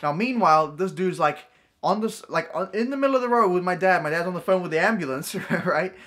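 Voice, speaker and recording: A young man with a fairly high voice tells a storytime vlog to a camera indoors. He rambles, trips over his words and stacks up fillers as he goes. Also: expressive, fast talker, a bit bright. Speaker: vlogger.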